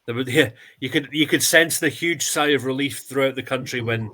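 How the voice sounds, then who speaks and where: Brief: man, crisp bright tone, short chat remarks. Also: medium pitch, moderate pace. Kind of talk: casual chat.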